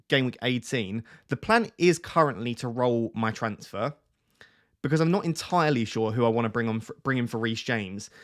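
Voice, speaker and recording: A man hosting a casual live stream, chatting and greeting his viewers by name from a small home room. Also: mid-range voice. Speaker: fantasy football streamer. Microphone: webcam close on face.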